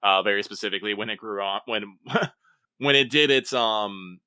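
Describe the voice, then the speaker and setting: A man co-hosting a casual games chat, talking haltingly with many pauses and restarts. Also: lowish voice, sharp tone, clear, resonant tone, no echo, studio quality. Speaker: podcast co-host.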